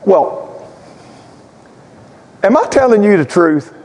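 High-voiced pastor in a reverberant sanctuary. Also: male voice, big pitch swings, slow pace. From Tennessee, US. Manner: folksy asides that build to fervent, shouted prayer. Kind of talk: sermon. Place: church sanctuary with stage lights. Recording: long reverb of a large sanctuary.

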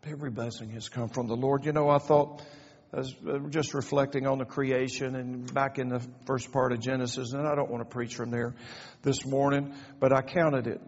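A man's voice: mid-range voice, level tone, moderate pace. An older man preaching a sermon in a church, folksy with joking asides and growing fervor. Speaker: pastor. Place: church sanctuary. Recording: echoey church hall, dull lo-fi sound.

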